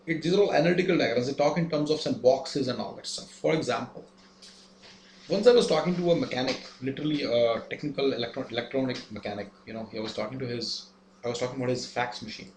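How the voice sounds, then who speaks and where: A man's voice: mid-range voice, fast talker, darkish tone, a little hiss or hum. A man giving a lesson, explaining step by step and asking rhetorical questions. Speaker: instructor. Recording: echoey room, faint ambience.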